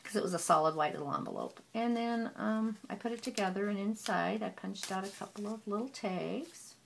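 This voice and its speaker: Chatty, gravelly woman showing off crafts. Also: medium pitch, a little hiss or hum. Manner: chatty, with many "um" pauses and gushing words. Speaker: papercraft hobbyist. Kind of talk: casual show-and-tell of a handmade album.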